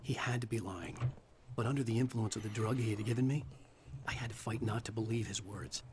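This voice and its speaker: A man's voice: lowish voice, fairly quick, background noise, natural voice. A man voicing a weary, sardonic writer. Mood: groggy. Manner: flat, tired, sardonic. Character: weary, suspicious male writer. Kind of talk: inner-monologue game narration.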